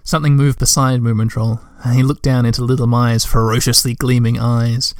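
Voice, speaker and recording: A man's voice: medium pitch, level tone, normal speed, few pauses, smooth, no echo, clean studio sound. A man reading a children's book aloud, breaking off for chatty asides to listeners. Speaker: reader.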